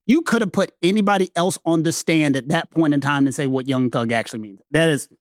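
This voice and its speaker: Southern guy with a high voice, animated, chatting legal stuff, dry close sound. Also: fast talker, no echo. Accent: Southern American. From American South. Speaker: legal commentator co-host. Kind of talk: casual legal discussion.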